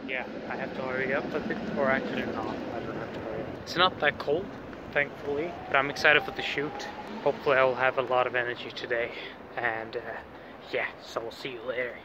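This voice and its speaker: A man's voice: mid-range voice, fairly even intonation, a little fast, highs cut off, noisy background. A young man, a film student, chatting casually into a handheld camera as he goes about his days, loose and full of fillers and restarts. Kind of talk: casual vlog chat. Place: around a city, often outdoors in the streets.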